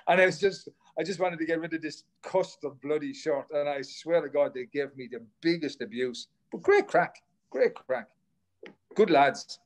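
A man's voice: a little high, normal speed, few pauses. Man telling rambling anecdotes. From Ireland. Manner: rambling, anecdotal, swears casually, frequent restarts. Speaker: guest, former runner. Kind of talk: casual storytelling chat.

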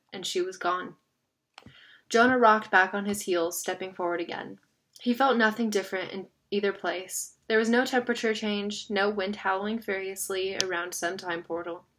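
A woman reading a children's novel aloud in a steady storytelling manner, stumbling over a word now and then. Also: mid-range voice, moderate pace, a little hiss or hum. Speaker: narrator.

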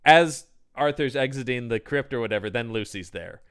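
A man's voice: mid-range voice, animated, moderate pace, crowd noise. A man co-hosting a casual movie recap, laughing often and acting out the characters' lines. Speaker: podcast co-host.

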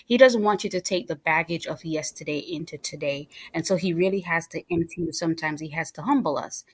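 A middle-aged woman from Jamaica with a Jamaican accent, telling her story as an interview guest in an animated, storytelling way. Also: sits low, a little fast, husky. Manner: animated storyteller, acts out quoted dialogue. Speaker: guest entrepreneur.

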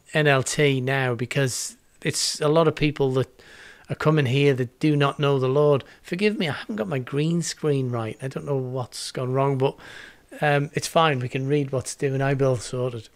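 Recorded without echo at a home green-screen setup, a man in his sixties delivers a video sermon at a moderate pace in a highish voice. He is earnest and reflective, repeating words to stress them.

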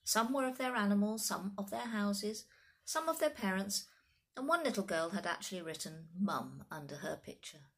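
A woman reading a children's story aloud in an expressive, animated storytelling manner. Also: mid-range voice, normal speed.

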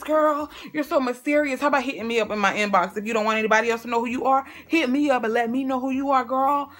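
Excited bright-voiced woman vlogger. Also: a little high. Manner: excitable, stutters when excited, talks to viewers as girl and y'all. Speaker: vlogger opening fan mail. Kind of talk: casual chat.

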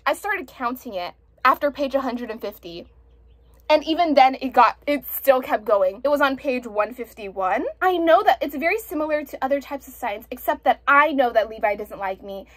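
A woman's voice: sits high, no echo. A young woman reviewing a book in a casual vlog, ranting with exasperation and frequent swearing.

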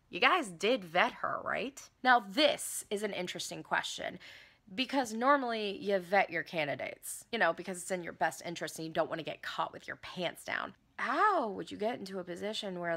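A woman performing a satirical monologue in a sardonic, profane manner with sudden shouts. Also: medium pitch, animated, normal speed, gravelly.

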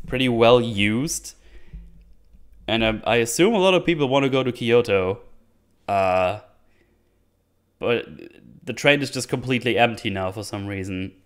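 A man with a clean, medium-pitched voice hosts a casual solo podcast recapping a movie. He rambles, laughs a lot and keeps starting his sentences over.

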